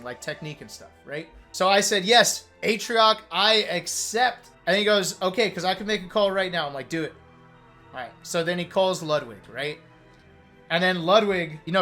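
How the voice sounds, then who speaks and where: A man in his thirties, a streamer, casually telling a story to his chat, animated and joking, acting out what others said. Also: sits high. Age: 30s. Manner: animated, joking, acts out quoted lines.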